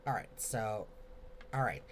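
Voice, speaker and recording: A man's voice: fairly low pitch, expressive, unhurried, a little hiss or hum. Rambling, chatty man hosting a live Q&A. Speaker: host answering viewer questions. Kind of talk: casual live Q&A video.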